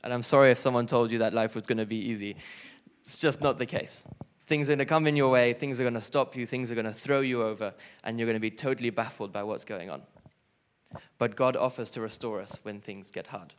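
A man's voice: mid-range voice, fairly quick, clear, resonant tone. Young male speaker, earnest church testimony, mid-range voice. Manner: earnest, rises with emotion on key points. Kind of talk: personal testimony sermon.

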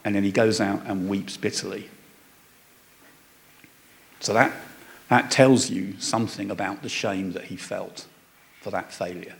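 A man's voice: fairly low pitch, steady tone, a little slow, vocal fry, long pauses. A man preaching a sermon in a conversational way, reading scripture and explaining it with frequent fillers and restarts. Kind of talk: sermon, Bible teaching.

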